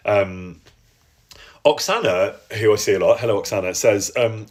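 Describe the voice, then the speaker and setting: Deep-voiced man chatting live. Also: normal speed. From English Midlands. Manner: chatty, reflective, reads out viewer questions. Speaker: voice actor hosting a live stream. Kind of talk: casual live-stream Q&A.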